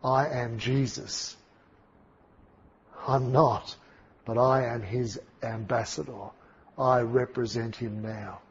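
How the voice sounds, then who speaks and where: A man preaching a sermon, telling stories emphatically and dramatically, swinging from loud to hushed. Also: mid-range voice, steady tone, slow, pauses often, husky, lo-fi sound. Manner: dramatic, emphatic storytelling with big swings in volume.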